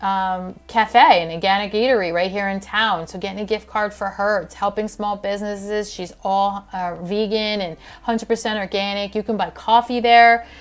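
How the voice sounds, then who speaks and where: A woman's voice: mid-range voice, fairly even intonation, normal speed, few pauses, clean tone. A woman hosting a health podcast, talking in a casual, earnest and heartfelt way with fillers and restarts. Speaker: podcast host and functional health practitioner.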